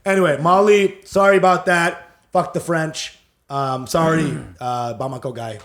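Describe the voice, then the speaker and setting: A man's voice: on the high side, fairly even intonation, measured pace, a bit bright. A man co-hosting a comedy podcast, telling crude stories in casual banter and laughing often. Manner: crude, joking storyteller who laughs often. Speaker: podcast co-host.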